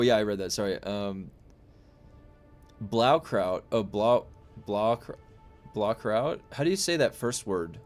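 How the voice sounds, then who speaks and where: A young adult man streaming, chatting casually with viewers in a rambling way full of fillers and restarts. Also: mid-range voice. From United States. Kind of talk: casual chat reading viewer comments.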